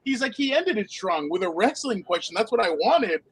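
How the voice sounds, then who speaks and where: A man co-hosting a casual football podcast, telling animated anecdotes and laughing often. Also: high-pitched, a little fast, slightly rough, rough recording. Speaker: podcast co-host, football reporter. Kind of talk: casual sports podcast chat.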